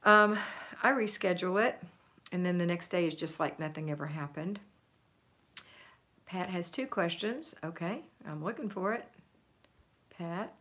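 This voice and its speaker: A woman's voice: fairly low pitch, measured pace, pauses often, a bit bright. A middle-aged woman chatting on a home livestream, reading viewer comments aloud in an upbeat way, laughing and trailing off with ums. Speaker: home organizing livestream host.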